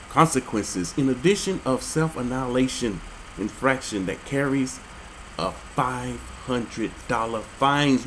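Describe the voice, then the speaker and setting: A man reads strange laws aloud and breaks into incredulous, jokey asides. His pitch rises and falls a lot as he talks. A faint hiss of background noise sits under his voice. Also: poor audio. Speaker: religious commentator. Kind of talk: reading laws aloud with commentary.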